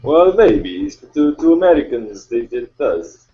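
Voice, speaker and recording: A man's voice: mid-range voice, sing-song, measured pace. A man from Portugal, joking wryly as a guest on a casual stream. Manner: playful, wry. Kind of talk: casual live-stream banter. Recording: lo-fi voice-chat audio.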